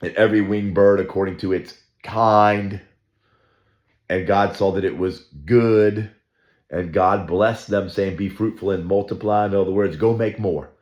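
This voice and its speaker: A man's voice: fairly low pitch, fairly even intonation, measured pace, a little mellow, roomy sound, muffled recording. A man teaching a Bible study, emphatic and opinionated, repeating himself for effect. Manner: emphatic, opinionated, ranting with repetitions.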